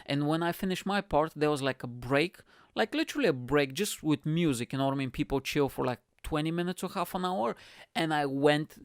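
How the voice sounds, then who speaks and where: A man's voice: fairly high pitch, a little fast, clean tone, no room sound, studio quality. A man hosting his own podcast, a stand-up comedian telling a rambling story in a chatty way, swearing freely and calling listeners "mate". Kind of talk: casual storytelling monologue.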